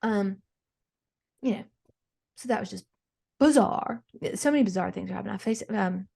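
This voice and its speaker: A frazzled, gossipy, well-off mom, played by a woman hosting an improvised comedy podcast. She rambles through animated stories and acts out other people's lines. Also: medium pitch, moderate pace, creaky, slightly rough. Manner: rambling, animated storytelling with acted-out quotes. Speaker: podcast host character.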